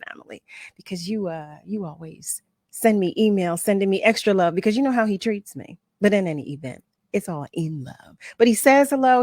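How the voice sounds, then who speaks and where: A woman hosting a talk radio show, chatty and excitable, who laughs often and restarts her sentences. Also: mid-range voice, no echo, clean studio sound. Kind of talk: casual talk radio chat.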